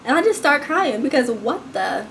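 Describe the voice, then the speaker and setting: A woman telling a personal story in a casual storytime vlog, chatty and dramatic, calling the viewers y'all and swinging between loud and hushed. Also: high voice, very animated, moderate pace, creaky, a little hiss or hum. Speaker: vlogger.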